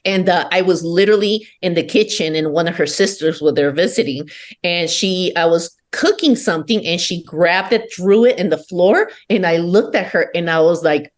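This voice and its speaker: A woman's voice: fairly low pitch, moderate pace. A woman from Peru, a podcast guest, telling her own story bluntly and with lots of swearing. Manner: blunt, profane, emphatic. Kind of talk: candid personal storytelling.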